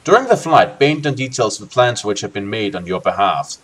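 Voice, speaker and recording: A man's voice: on the low side, expressive, a little fast, fairly bright tone. A man hosting a co-op game session, reading a gamebook aloud expressively and tossing in joking asides. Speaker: let's play host.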